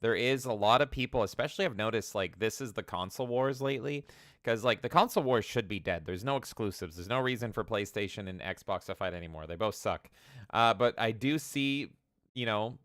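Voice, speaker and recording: A man's voice: lowish voice, a bit bright, no room sound, studio quality. A Canadian man co-hosting a podcast, ranting sarcastically in casual chat and swearing freely. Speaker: podcast co-host.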